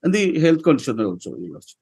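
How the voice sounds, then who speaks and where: A man's voice: mid-range voice, wildly swooping pitch, quick pace, darkish tone, slightly rough. A man with an Indian English accent, a lawyer arguing in court, deferential and pleading, stammering at times. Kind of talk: courtroom argument.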